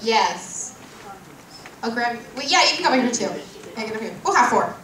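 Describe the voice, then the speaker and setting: A woman's voice: a little high, sing-song, a little fast, fairly bright tone, a little hiss or hum. A woman hosting a playful audience game at a convention panel, chatty and laughing as she calls people up. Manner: chatty, laughing, loose directions. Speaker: panel host. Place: large convention hall. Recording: echoey hall, distant mic, crowd.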